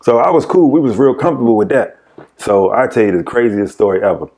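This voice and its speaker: A man's voice: mid-range voice, animated, quick pace, a little mellow. A man guest on a podcast, telling old basketball stories in a casual way and laughing through them. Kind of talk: casual storytelling.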